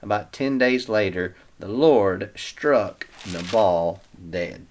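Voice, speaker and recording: A man's voice: fairly low pitch, animated, takes it slowly, slight background noise. A man hosting a Bible reading show, retelling scripture in a casual, chatty way with everyday slang.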